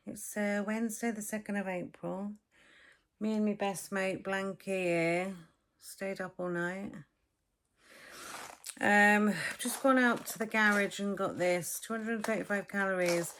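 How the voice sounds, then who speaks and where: A woman's voice: medium pitch, steady tone, measured pace, fairly bright tone. A middle-aged Englishwoman, chatting to her phone camera in a blunt, swearing, casual vlog. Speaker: vlogger.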